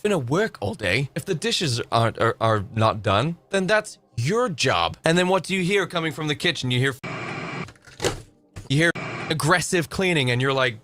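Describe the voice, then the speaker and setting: A man's voice: mid-range voice, normal speed. A man hosting a live stream, reacting to a clip with sarcastic, sweary commentary. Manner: sarcastic, sweary, lively ranting.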